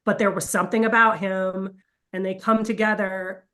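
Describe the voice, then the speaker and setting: A middle-aged woman in a casual family interview, telling an emotional, animated story. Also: medium pitch, moderate pace. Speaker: family member in a group interview. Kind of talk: casual chat.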